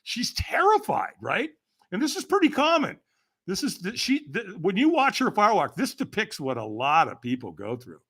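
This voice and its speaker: An older man, a podcast guest, telling stories in a casual interview, animated and often laughing as he talks. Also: sits high, normal speed, slightly rough.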